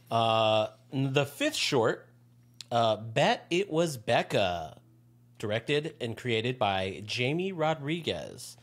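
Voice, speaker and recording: A man co-hosting a cartoon podcast, relaxed and hesitant, with plenty of fillers and the odd swear. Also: medium pitch, slow pace. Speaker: podcast co-host. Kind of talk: casual chat.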